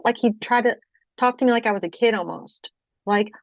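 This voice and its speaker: Halting woman recounting testimony, dry sound. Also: mid-range voice, gravelly, no room sound, highs cut off. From Kentucky, USA. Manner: halting, frequent restarts, keeps checking with "okay?". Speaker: guest. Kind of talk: personal testimony in interview.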